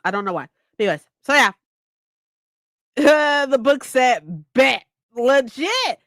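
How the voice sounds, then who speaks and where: A young woman chatting casually about a book she's reading, excitable, swearing often and acting out lines. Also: high-pitched, slow, no room sound, clean studio sound. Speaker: streamer hosting a reading session.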